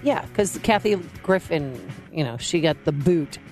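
A woman's voice: low-pitched, lively intonation, a little slow, darkish tone. A chatty woman co-hosting a morning talk radio show, laughing easily as she recaps the news. Faint music plays under her voice. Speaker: radio co-host. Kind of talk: casual talk radio banter.

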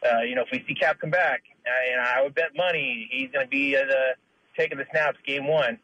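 Husky man rambling over a dull phone line. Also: mid-range voice, steady tone, a little fast, no room sound. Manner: rambling, full of "you know" fillers. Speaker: caller. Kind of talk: call-in opinion.

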